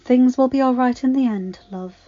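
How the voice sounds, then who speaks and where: A woman voicing a soothing, motherly older housekeeper who speaks softly and slowly. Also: high-pitched, muffled recording, pitched above the performer's own voice, lightly acted. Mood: tender. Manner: soft, slow and tender.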